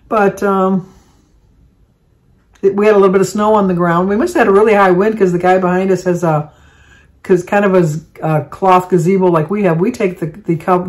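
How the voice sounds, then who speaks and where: A woman's voice: lowish voice, fairly even intonation, fairly quick, a little mellow. Rambling older woman. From Michigan. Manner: rambling, chatty, meandering with many asides. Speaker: vlogger. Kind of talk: casual chat to camera.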